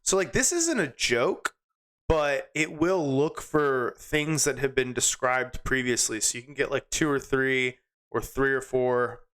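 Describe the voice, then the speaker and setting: Young male comedy host, smooth clear voice, dry chuckling commentary. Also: medium pitch, fairly bright tone. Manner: chuckling, wry, reads text aloud quickly. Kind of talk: casual commentary while reading chatbot output.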